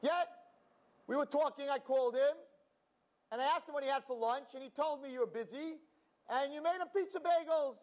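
A man's voice: mid-range voice, sing-song, rapid-fire, hardly any pauses, a little mellow, husky, voice pushed down. Domineering older mother-in-law, scolding and indignant, played by a male storyteller.

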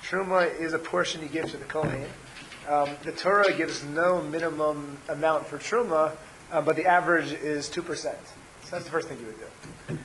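Man, scratchy hoarse voice, religious class lecture, explanatory, um-filled, slight hiss behind. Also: fairly high pitch, moderate pace, fairly bright tone. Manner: explanatory, with frequent ums and self-corrections. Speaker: Torah teacher.

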